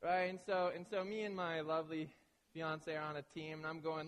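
A male pastor with a fairly high voice delivers a sermon, telling animated stories and briefly acting out the people in them. His voice rings with the long reverb of a large hall. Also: fairly quick. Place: large hall with an audience of about a hundred.

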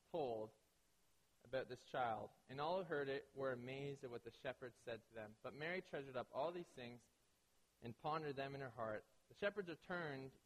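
A man preaching a sermon to a hall of about a hundred people, telling lively stories and acting out the voices of the people in them. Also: medium pitch. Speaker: pastor. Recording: echoey hall reverb.

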